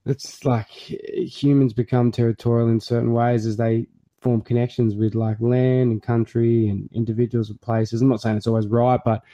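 Male podcast host, deep dark tone, eager reactions, loose swearing. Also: normal speed, highs cut off. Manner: excitable reactions, swears casually. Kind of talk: casual chat.

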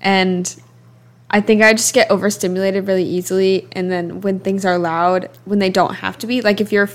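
A woman's voice: medium pitch, little pitch movement, moderate pace. A twenty-year-old woman hosting a podcast in an easygoing, chatty way. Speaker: podcast host. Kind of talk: casual chat.

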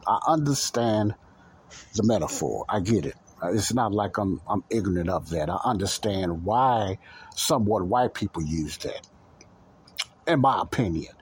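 A man's voice: on the low side, expressive, moderate pace, breathy edge. A man hosting a Christian talk show, talking earnestly and repetitively straight to his listeners. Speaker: podcast host.

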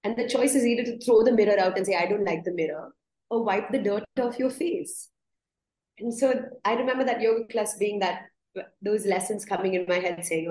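A woman's voice: medium pitch, fairly quick, darkish tone. Earnest woman yoga teacher, echoey room. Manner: earnest, repeats words as she restarts, laughs while telling stories. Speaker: yoga teacher, podcast guest. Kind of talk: reflective interview storytelling.

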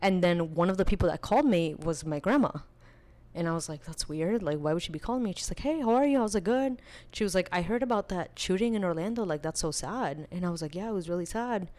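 A woman's voice: lowish voice, fast talker. Chatty young woman telling a story. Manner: chatty, animated, full of filler likes, laughs while telling. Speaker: podcast guest. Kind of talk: casual storytelling chat.

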